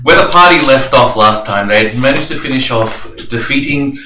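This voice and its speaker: A man hosting a tabletop game podcast as game master, rambling with lots of fillers and quick to laugh. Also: medium pitch, music in the background. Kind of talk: casual podcast chat. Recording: echoey room, distant mic, clear noise.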